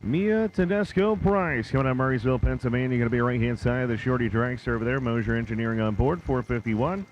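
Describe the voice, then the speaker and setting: A man's voice: medium pitch, quick pace, hardly any pauses, highs cut off, slight background noise. A man announcing drag races, reading out times steadily and laughing along with his partners. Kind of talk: casual race commentary.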